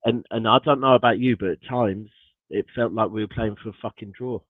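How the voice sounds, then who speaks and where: A man's voice: on the low side, steady tone, brisk, no echo, phone-quality sound. Guy ranting about football, swears loads, sounds like a cheap phone mic, dead dry. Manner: exasperated and passionate, swears a lot. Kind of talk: casual football chat on a livestream.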